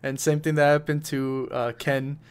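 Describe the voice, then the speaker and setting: A young man narrates a tabletop game as its game master, a little high in pitch. He talks loosely, cursing and breaking into laughter as he goes. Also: level tone, normal speed, smooth. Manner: laughs often, swears casually.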